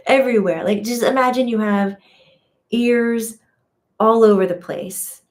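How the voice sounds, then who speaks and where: Woman medium chatting on a livestream, mellow warm tone, laughs at herself a lot. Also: mid-range voice. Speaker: intuitive teacher and medium. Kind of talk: casual spiritual teaching on a livestream.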